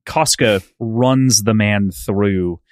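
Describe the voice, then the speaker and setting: A man co-hosts a casual book discussion podcast, thoughtfully recapping scenes with frequent "like" and "sort of." His lowish voice moves very slowly, and the studio recording is clean and dry.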